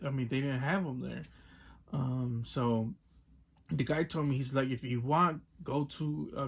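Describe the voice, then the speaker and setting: A young man telling a frustrated story in a casual vlog rant, acting out both sides of the talk, with many fillers. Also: mid-range voice. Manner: exasperated, retells with quoted dialogue and many fillers. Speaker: toy collector vlogger.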